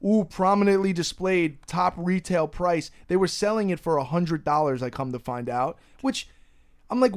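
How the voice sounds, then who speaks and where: A young man with a fairly high voice hosts a laid-back podcast. He rants with lively energy and swears without a second thought. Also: moderate pace. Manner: ranting, animated, swears freely. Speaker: podcast host. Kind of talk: casual podcast chat.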